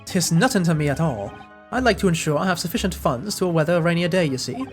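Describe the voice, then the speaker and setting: A streamer voicing a boastful, wealthy Irish moneylender man in a put-on Irish accent, rough and swaggering. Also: mid-range voice, lively intonation, fast talker, soft background music, natural voice.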